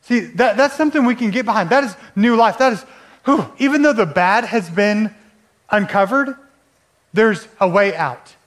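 A man's voice: high voice, animated, normal speed, fairly bright tone. A man preaching a sermon in a conversational way, often asking the listeners rhetorical questions. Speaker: pastor.

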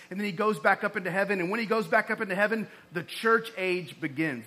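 Man, pastor, sermon, high-pitched, bright, conversational, emphatic. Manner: conversational preaching, animated emphasis.

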